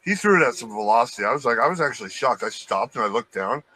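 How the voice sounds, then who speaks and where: Guy with a bright forceful voice, swearing his way through a work story on a podcast. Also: medium pitch, fast, rough recording. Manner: profane, animated anecdote telling. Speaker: podcast co-host. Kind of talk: casual storytelling.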